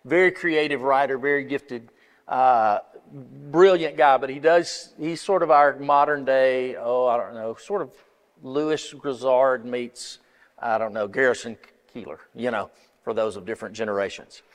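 A man's voice: medium pitch, fairly even intonation, a little slow. A man giving a church lesson, reading a column aloud in a conversational way with wry asides. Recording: long hall reverb.

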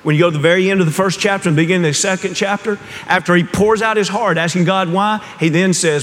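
Preacher guy telling stories, slightly high voice, goes soft then builds up loud, big echoey church hall. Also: quick pace, hardly any pauses. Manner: storytelling, swings from hushed to rising fervor. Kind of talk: sermon. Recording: long hall reverb.

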